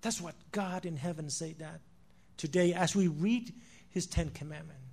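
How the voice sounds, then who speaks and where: A preacher with a notably high voice for a man. He drives his sermon with fervor, swells to loud declarations, then drops to a near hush, repeating his phrases for weight. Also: normal speed, creaky. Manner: impassioned, swinging between loud declarations and hushed asides; repeats phrases for emphasis, addresses listeners as "my friend".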